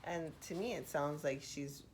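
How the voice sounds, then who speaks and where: A woman speaking softly for ASMR, musing aloud with pauses and half-whispered asides. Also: deep voice, slight background noise. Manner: reflective, thinking aloud with pauses. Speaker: host. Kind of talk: soft-spoken ASMR poetry analysis.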